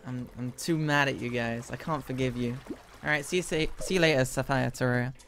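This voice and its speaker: A man's voice: medium pitch, brisk, fairly bright tone. A man streaming a game, bantering with his chat and mock-scolding them between plays. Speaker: gaming streamer. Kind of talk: gameplay commentary. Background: game music.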